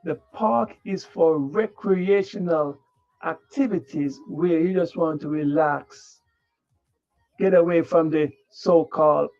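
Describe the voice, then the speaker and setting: Slow and somewhat high, with a darkish tone, this man delivers a blunt livestream rant. Unfiltered cursing mixes with moralizing preachiness, and faint music plays under the dull lo-fi audio.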